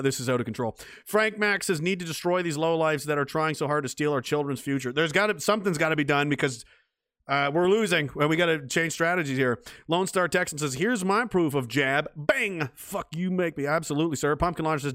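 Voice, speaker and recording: A man's voice: fairly high pitch, fairly bright tone, no room sound, clean studio sound. A man hosting a livestream, reading chat aloud and ranting in a blunt, angry, heavily profane way. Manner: angry, blunt, swearing constantly.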